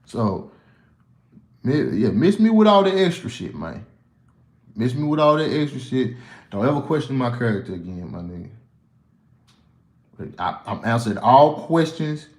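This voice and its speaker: A man's voice: mid-range voice, very animated, normal speed, long pauses, reverberant. A man with a Southern US accent answering viewer questions in a casual livestream, blunt and profane, rambling with frequent restarts.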